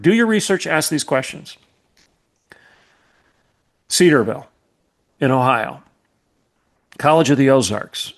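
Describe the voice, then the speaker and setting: A man's voice: fairly high pitch, vocal fry. A middle-aged man hosting a podcast, delivering an impassioned commentary monologue with an emphatic, repetitive, preacherly cadence. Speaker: podcast host, former college president.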